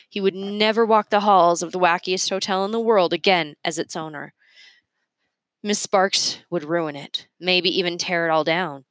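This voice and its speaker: A woman reading a children's novel aloud with expressive, measured storytelling. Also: fairly low pitch, no echo. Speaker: reader.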